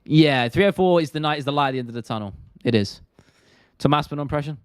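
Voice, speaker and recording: A man's voice: on the high side, quick pace, clean tone, no room sound, studio quality. A man with a South London accent hosting an MMA live stream, chatting casually and bluntly while reading viewer comments. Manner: chatty, blunt, swears freely, drops T's.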